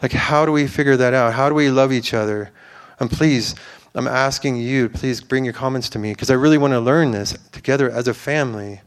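A man's voice: medium pitch, brisk, hardly any pauses, smooth. A man giving an informal, earnest sermon to a church, rambling with fillers and restarts. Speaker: preacher.

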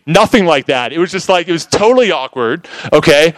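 Animated man telling a testimony. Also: a little high, a little fast, no echo, poor audio. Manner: animated storytelling, many "like" fillers. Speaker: preacher giving a testimony. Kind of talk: casual sermon testimony.

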